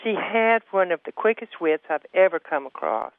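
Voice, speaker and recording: A woman columnist tells an anecdote with lively storytelling. Her voice is smooth and clear. It comes through a thin, phone-like line. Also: on the low side, moderate pace, no room sound. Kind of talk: telling an anecdote.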